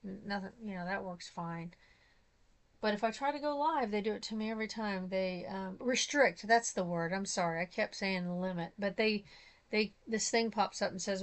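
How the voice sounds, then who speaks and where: Here a craft vlogger, a middle-aged woman, works on a project and talks in a relaxed, rambling way. She has a medium pitch and normal pace and breaks into laughter frequently.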